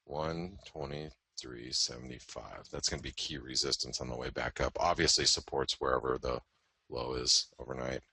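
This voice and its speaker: A man's voice: a bass voice, vocal fry, pushed and bright, slightly rough, no echo. A man hosting a live trading show, giving candid, joking market commentary full of "you know" asides. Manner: candid, joking, self-deprecating, many "you know" fillers. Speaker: host and trading educator.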